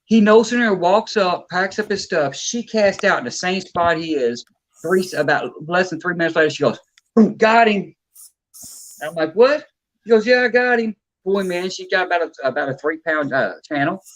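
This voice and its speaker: A man's voice: high-pitched, a little fast, fairly bright tone, poor audio. A man telling an easygoing fishing story about his daughter in casual chat.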